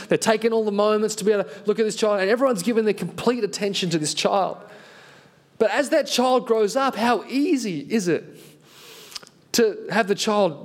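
A man preaching a sermon as pastor, earnest and animated, telling a self-deprecating story. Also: sits high.

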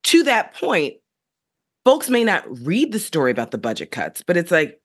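Co-host, woman, lively swooping delivery, emphatic, casual political chat. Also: lowish voice, moderate pace. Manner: animated, emphatic, quotes people in voices.

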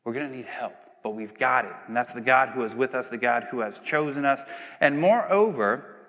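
A man's voice: medium pitch, moderate pace, a bit bright. A young man giving a sermon in a casual, conversational way, often checking in with "right?" and acting out little scenes with voices. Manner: conversational, tag questions, acts out little scenes. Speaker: pastor. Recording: reverberant hall.

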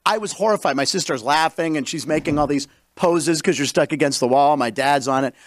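Stammering eager host with dry sound. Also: male voice, fairly high pitch, fairly quick, no echo. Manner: eager questioner who stammers and restarts. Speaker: talk show host. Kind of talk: casual interview chat.

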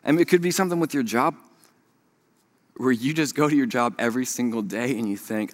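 A young man preaching a sermon, telling a story with animated swings from hushed to loud. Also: medium pitch, brisk. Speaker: pastor.

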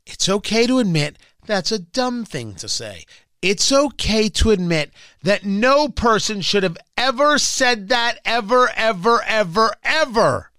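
A man's voice: sits high, sing-song, a little slow, pushed and bright, clean tone, no room sound, clean studio sound. A man hosting political talk radio, emphatic and sarcastic, sometimes mocking other voices. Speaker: radio talk show host.

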